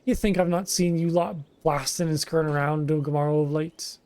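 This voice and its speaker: A man reading as an impatient military commander who scolds in a rough old-sailor dialect. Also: fairly high pitch, steady tone, fairly quick, a little mellow, no room sound, lightly acted.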